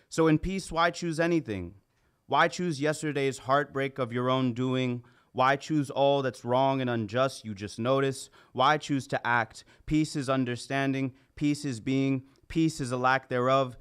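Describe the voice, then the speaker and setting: A man performing spoken word poetry at an open mic, quiet and earnest, building to a pleading intensity. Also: mid-range voice, clean tone. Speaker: poet.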